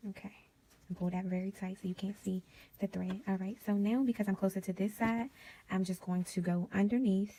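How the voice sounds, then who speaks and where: A woman hosting a casual sewing tutorial, chatty and drifting into quiet whispered asides as she works. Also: mid-range voice, fairly even intonation, brisk. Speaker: DIY sewing vlogger.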